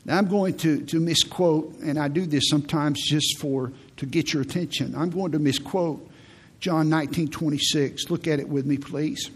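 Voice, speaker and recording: Husky-voiced man preaching with emphasis. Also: a little high, fairly even intonation, moderate pace. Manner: emphatic, repeats phrases for stress. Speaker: pastor. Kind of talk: sermon.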